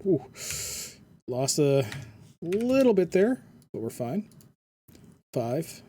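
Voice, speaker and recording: Streamer type, slow easygoing delivery, lively pitch, desk mic, chatty. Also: a little hiss or hum. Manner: chatty, reads game text aloud and hums along to the music. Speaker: game streamer. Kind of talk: casual live-stream commentary.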